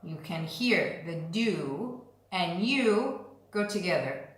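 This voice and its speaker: A woman's voice: fairly low pitch, big pitch swings, slow, long pauses. A woman teaching an English lesson, speaking patiently and leading short phrases for learners to repeat. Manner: patient, drills phrases for repetition. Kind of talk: slow, clear language lesson. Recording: very echoey room.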